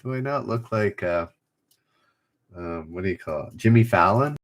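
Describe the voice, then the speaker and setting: A man hosts a relaxed trivia livestream, reading every clue twice and joking around with chat in a chatty way. His voice sits on the low side, animated, at a normal speed.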